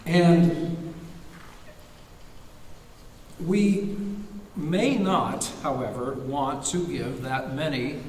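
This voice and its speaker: A man giving an academic lecture, halting with fillers and restarts, now and then singing a short chant phrase. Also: mid-range voice, slight background noise. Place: lecture hall. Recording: echoey hall recorded from far off.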